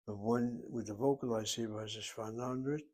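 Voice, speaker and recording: A male language teacher walks through Hebrew grammar methodically. His voice is somewhat husky and keeps a flat, level intonation. He sits at a middle pitch, neither high nor low. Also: fairly quick. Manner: methodical, explains step by step. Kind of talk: recorded language lesson.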